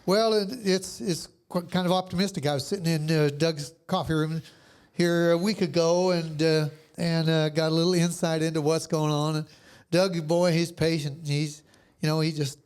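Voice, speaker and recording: A man's voice: fairly high pitch, little pitch movement, normal speed, darkish tone, clean tone. A man as a podcast guest in casual chat, talking in a joking, folksy, meandering way.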